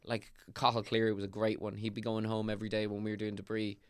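A man's voice: fairly low pitch, quick pace, smooth, no echo. Rambling young Irish man, dry sound. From Ireland. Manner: rambling, animated storytelling with many fillers and restarts. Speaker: actor, guest. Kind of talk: casual podcast chat.

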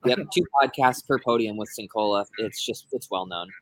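A man's voice: fairly low pitch, fairly quick, fairly bright tone, dry recording, rough recording. A male podcast co-host, teasing and laughing easily in casual chat.

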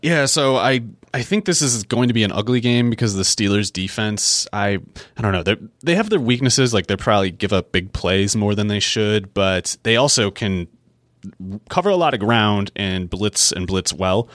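A man's voice: lowish voice, lively intonation, moderate pace, a bit bright, no echo. A man co-hosting a fantasy football podcast, working through long analytical explanations full of restarts in casual chat. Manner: thinks aloud in long run-on explanations, frequent restarts.

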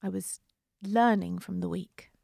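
A woman co-hosting a casual podcast, telling stories in a chatty, animated way with dry humor. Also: medium pitch, measured pace, vocal fry, no echo. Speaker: podcast co-host. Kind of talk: casual chat.

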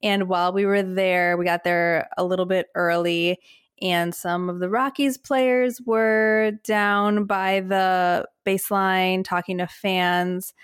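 A woman's voice: on the low side, fairly even intonation, takes it slowly, smooth, no room sound. Woman, podcast co-host, casual chat, laughs while telling stories, dry close sound. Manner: giggly storytelling, acts out quotes.

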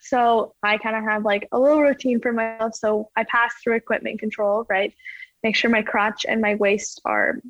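A woman's voice: a little high, fairly even intonation, moderate pace, a bit bright, dry recording. Chatty woman, slightly muffled recording. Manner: chatty, full of "like" and "you know". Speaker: ski jumper guest. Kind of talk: casual interview answers. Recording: slightly dull lo-fi sound.

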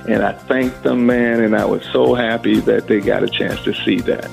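A man's voice: fairly low pitch, steady tone, moderate pace, creaky, darkish tone. A man in an interview, telling a story animatedly and acting out the quoted dialogue. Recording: phone-like narrow band with faint music.

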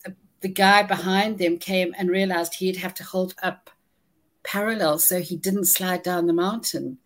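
A woman recounting a personal ordeal in an interview, halting and restarting often, audibly shaken but holding herself together. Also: on the low side, steady tone. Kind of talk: emotional first-person storytelling.

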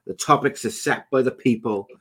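A man hosting a podcast, running through a quick intro and then reading out viewer comments in casual chat. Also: mid-range voice, a bit bright, breathy edge. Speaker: podcast host.

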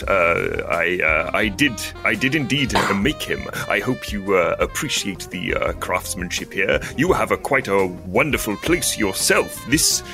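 A man's voice: on the low side, sharp tone, full character voice. A man playing a flustered adventurer who stammers and boasts about his copper creation in a tabletop role-play. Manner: stammering, tongue-tied. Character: flustered adventurer, proud maker of a copper automaton.

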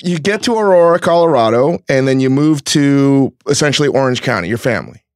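A man hosting a podcast, asking short, relaxed questions and swearing casually. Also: mid-range voice, brisk, no room sound, clean studio sound. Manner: laid-back, short prompts, casual swearing. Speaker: podcast host. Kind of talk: casual interview chat.

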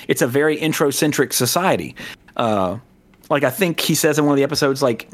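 A man from the American South in casual podcast chat, rambling with many fillers, restarts and asides. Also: medium pitch. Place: Southern California.

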